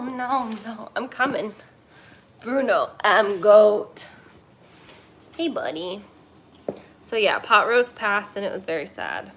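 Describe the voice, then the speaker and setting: A woman's voice: mid-range voice, pushed and bright. A young woman hosting a casual livestream, chatting and reading viewer comments in a rambling way while talking to her cats. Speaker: kitten rescue livestream host.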